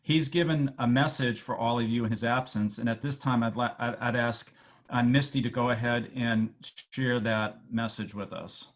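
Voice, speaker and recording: A man with a Boston accent giving a halting speech over a video call to alumni, with many fillers and restarts. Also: mid-range voice, steady tone. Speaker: medical school dean addressing alumni.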